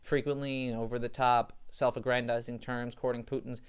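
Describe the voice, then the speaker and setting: A man's voice: mid-range voice, little pitch movement, brisk, clean tone. A young adult man hosting a comedy show, delivering a satirical news monologue with dry, sarcastic jokes.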